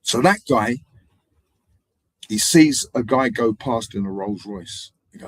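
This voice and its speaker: A man hosting a live stream, wandering from story to story in a low, husky voice. He acts out the people in his tales and jumps between loud and quiet. The sound is dry and close. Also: lively intonation, slow pace, dry recording, rough recording. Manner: meandering storytelling with acted-out voices and sudden loudness swings. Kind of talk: rambling live-stream monologue.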